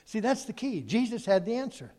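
A man preaching a sermon, animated, swinging between loud emphasis and quiet, hushed asides. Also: high voice, a little fast. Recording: long hall reverb.

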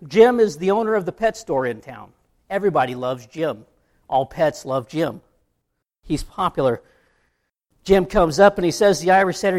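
A man's voice: a little high, lively intonation, normal speed, gravelly, long pauses, darkish tone. A man preaching a sermon, telling an illustration story in a conversational way. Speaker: pastor.

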